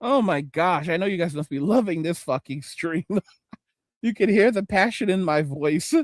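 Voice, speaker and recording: A man streaming, reacting to videos in a loud, exasperated, profane rant. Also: sits high, lively intonation, normal speed, no echo. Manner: loud, exasperated, swearing constantly.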